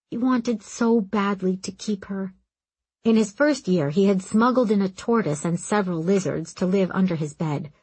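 A woman reading a story aloud, in a calm, steady narration. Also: mid-range voice, breathy edge, no room sound. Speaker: audiobook narrator. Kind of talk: scripted narration.

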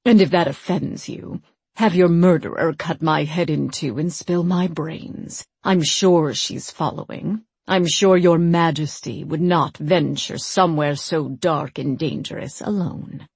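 A woman reading the lines of an ancient male priest who tells an old tale calmly and at a measured pace. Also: deep voice, slightly rough, no room sound, heavily acted. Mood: dry. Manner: calm, measured storytelling.

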